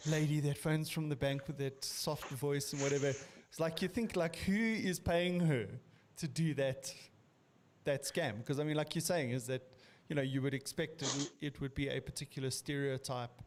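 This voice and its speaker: A man's voice: a little high, fairly even intonation, moderate pace, a little hiss or hum. A man as a guest in a casual podcast chat, thoughtful, agreeing often and circling back to his point.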